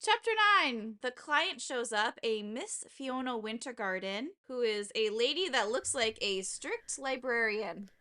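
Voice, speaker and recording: A woman co-hosting a casual book podcast, animated and swearing freely as she recaps chapters and acts out characters' lines. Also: a little high, unhurried, few pauses. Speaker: podcast co-host.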